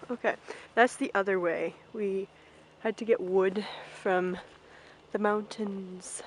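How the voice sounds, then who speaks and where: A woman's voice: medium pitch, fairly even intonation, measured pace, long pauses, rough recording. A young woman casually vlogging an outdoor farm tour on a handheld camera, chatting and calling out to her ponies.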